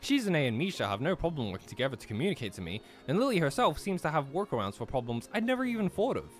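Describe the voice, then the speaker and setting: A young streamer chats loosely with friends, full of fillers, then reads the game's narration aloud. His voice is a bit high and swings a lot in pitch. Soft music plays faintly behind him. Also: very fast. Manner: chatty, lots of fillers, reads narration at an even clip. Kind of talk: casual chat and reading game narration.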